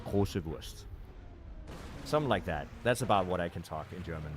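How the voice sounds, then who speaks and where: A man's voice: low voice, lively intonation, fast, background noise. A man, a streamer who talks casually with his chat, loose and joking. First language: Danish. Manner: chatty, answers chat readers, loose and joking.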